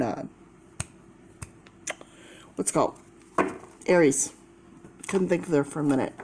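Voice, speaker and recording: A woman's voice: deep voice, a little mellow, a little hiss or hum. A woman doing a casual tarot reading to camera, thinking aloud and repeating key words as she explains the cards. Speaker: tarot reader.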